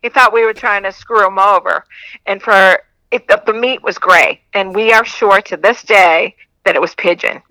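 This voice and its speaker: A woman's voice: medium pitch, steady tone, normal speed, bright, forceful tone, no room sound, poor audio. A woman with a Boston-area accent, a podcast guest telling stories in a giggly, rambling way. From Massachusetts. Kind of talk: casual podcast chat, storytelling.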